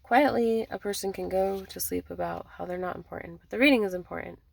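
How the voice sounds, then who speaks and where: A woman's voice: medium pitch, brisk, creaky. A woman giving an intuitive card reading in a rambling, repetitive way, often speaking quoted messages aloud. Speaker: spiritual card reader.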